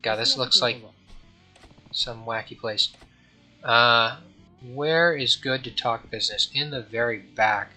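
A man's voice: medium pitch, slow pace, pauses often, bright, forceful tone, soft background music, poor audio. A young man casually commenting while playing a game, rambling and joking, often mumbling and trailing off. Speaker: gameplay streamer.

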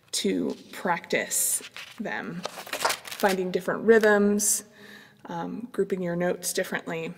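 A middle-aged woman, a clarinet professor, calmly explaining practice strategies in an instructional demonstration. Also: medium pitch, big-room sound, slight background noise. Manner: calm, explanatory, with fillers.

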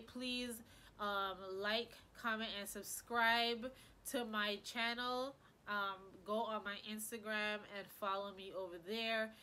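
Woman vlogger, bright forward voice, stuffy-nosed, gushing casual chat, needs a rambling friendly read. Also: medium pitch, slight background noise. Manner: chatty, rambling and effusive. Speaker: hair care vlogger.

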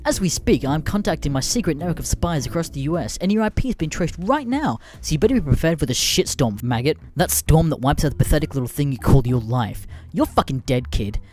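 A man's voice: medium pitch, normal speed, lightly acted. Man putting on a cursing, threatening teen tough. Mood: menacing. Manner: swearing, boastful threats. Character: angry teenage boy, tough-talking bully.

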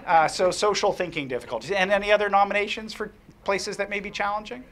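Bright-voiced man telling a workshop story. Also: high-pitched, quick pace. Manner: animated, anecdotal, frequent fillers and restarts. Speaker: workshop presenter. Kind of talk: storytelling lecture to an audience.

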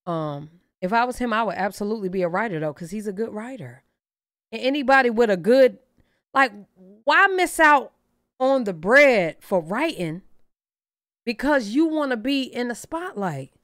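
A woman hosting a reaction channel, giving blunt, profane, animated opinions in casual commentary. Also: fairly high pitch, moderate pace, dry recording, clean studio sound.

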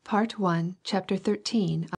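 Audiobook narrator, woman, steady measured reading, dark and slightly husky voice. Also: medium pitch. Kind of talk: scripted narration of a classic novel.

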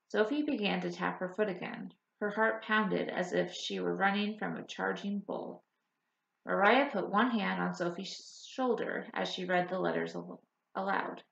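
A woman reads a novel chapter aloud in a measured, storytelling way. Her voice is low and gravelly. The recording sounds roomy and somewhat dull. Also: lively intonation. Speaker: audiobook narrator. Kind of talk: scripted narration.

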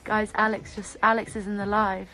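A young woman from the UK chatting on a phone livestream, bubbly and excitable, reading out viewers' comments. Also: medium pitch, moderate pace. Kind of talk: casual live stream chat.

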